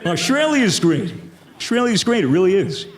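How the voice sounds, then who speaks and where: Give me a young man doing dark, deadpan stand-up comedy with a high, lively voice, in an echoey room with a loud crowd. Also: moderate pace, background noise. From United States. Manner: dark, deadpan joke delivery.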